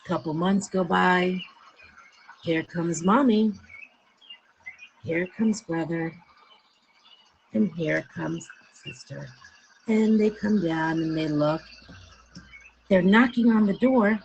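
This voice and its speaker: A woman narrating a fairy tale on a live stream in an earnest, unhurried way. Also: lowish voice, vocal fry, darkish tone, slight background noise, poor audio. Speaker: storyteller.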